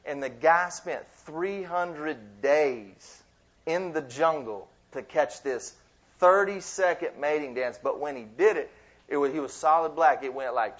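Man preaching with lively asides, lo-fi sound. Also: on the high side. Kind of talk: sermon. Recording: dull lo-fi sound.

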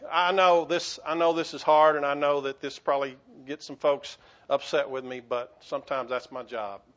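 Earnest preacher guy, higher voice, lots of stammery restarts, muffled lo-fi audio. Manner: swings between rising urgency and quiet, halting lows. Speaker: pastor. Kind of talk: sermon.

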